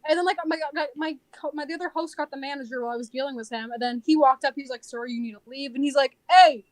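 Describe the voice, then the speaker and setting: Rapid high-voiced young woman storyteller. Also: no room sound. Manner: animated storytelling, acts out quoted people. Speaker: podcast co-host. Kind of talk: casual chat.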